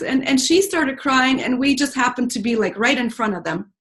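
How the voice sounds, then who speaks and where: A woman's voice: fairly high pitch, moderate pace, few pauses, a bit bright. A woman telling an emotional story to a group in an earnest, talkative way, with many fillers. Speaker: speaker at a team retreat.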